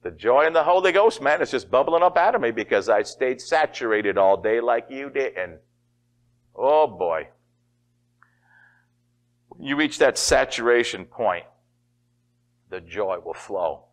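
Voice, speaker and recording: Animated folksy male preacher. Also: mid-range voice, unhurried, long pauses. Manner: folksy, animated preaching with laughter and acted-out quotes. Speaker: pastor. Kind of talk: sermon.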